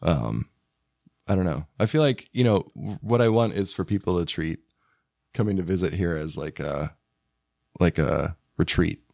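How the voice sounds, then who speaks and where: Deep gravelly man, hoarse and laid-back. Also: expressive, normal speed, darkish tone, no room sound, studio quality. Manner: laid-back, rambling, joking. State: hoarse from illness. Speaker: podcast guest, spouse of host. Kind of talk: casual chat. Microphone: studio microphone.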